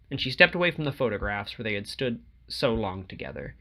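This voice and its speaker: A male audiobook narrator reading a novel in a measured, steady way, dropping quiet on each dialogue tag. His voice is bright and forward, with lively movement in pitch. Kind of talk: scripted narration.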